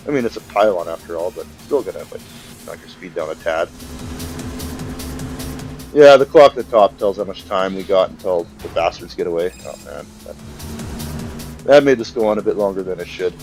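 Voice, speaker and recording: Young male let's-play commentator, low voice, rambling and filler-heavy, faint game music underneath. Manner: rambling, filler-heavy, acts out characters' lines. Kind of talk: casual gameplay commentary.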